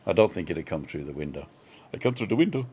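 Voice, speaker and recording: A man's voice: low-pitched, big pitch swings, fast, noisy background. An older man co-hosting a casual live-stream vlog chat, rambling through stories with chuckles and self-mocking asides. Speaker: vlog co-host. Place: home balcony.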